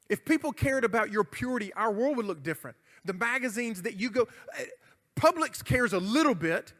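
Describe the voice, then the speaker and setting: A man's voice: high voice, animated, moderate pace, a bit bright. A middle-aged man, preaching a youth sermon in an emphatic, conversational way with jokes. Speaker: youth pastor. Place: church hall. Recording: church hall reverb.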